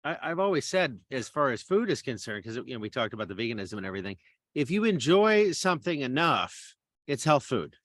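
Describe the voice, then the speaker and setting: A man hosting a casual chat, jokey and quick to laugh. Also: mid-range voice, sing-song, a bit bright, no room sound, studio quality. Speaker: host.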